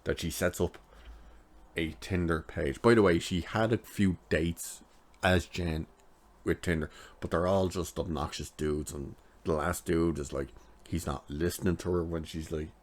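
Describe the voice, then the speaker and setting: A man's voice: sits low, steady tone, a little slow. A man casually recapping a TV episode in a rambling way, with lots of filler "like"s. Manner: rambling retelling, many filler "like"s. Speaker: TV episode reviewer.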